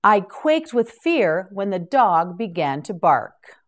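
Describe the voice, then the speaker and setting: A woman teaching English to beginners, carefully enunciating each word and repeating it in a slow vocabulary drill. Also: mid-range voice, very animated.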